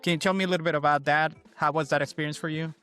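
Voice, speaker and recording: A man's voice: on the high side, fairly even intonation, very fast, pushed and bright, clear, resonant tone, soft background music. Supportive male podcast host. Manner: supportive, frequent affirmations, repeats words when starting. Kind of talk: conversational interview.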